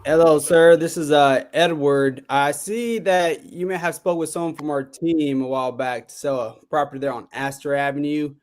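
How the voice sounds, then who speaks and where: A man's voice: fairly high pitch, fairly even intonation, normal speed, hardly any pauses. A man working as a real estate closer, laid-back and chuckling through a casual sales call.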